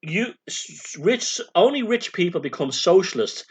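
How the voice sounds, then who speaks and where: A man's voice: sits high, big pitch swings, moderate pace, slightly rough. Sardonic rambling man. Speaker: vlogger. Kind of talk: casual monologue to camera. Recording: dull lo-fi sound.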